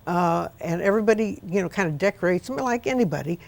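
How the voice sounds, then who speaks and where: Low, gravelly-voiced woman hosting a book chat. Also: lively intonation, fast talker. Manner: chatty, leads with questions. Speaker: host. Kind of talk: casual book discussion.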